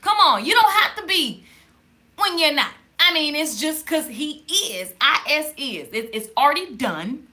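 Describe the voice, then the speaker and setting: A woman hosting a faith-based live stream, talking to the camera in a lively, conversational way and reading viewer comments aloud. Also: high voice, a little slow. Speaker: livestream host. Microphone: camera in front of her.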